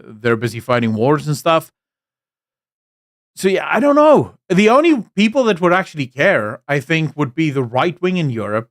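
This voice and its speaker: A man's voice: mid-range voice, no room sound, clean studio sound. A man around forty, from South Africa, with a mixed English accent that carries South African traces. He hosts a live stream of political commentary, talks bluntly and candidly, rambles with fillers, and greets viewers from the chat.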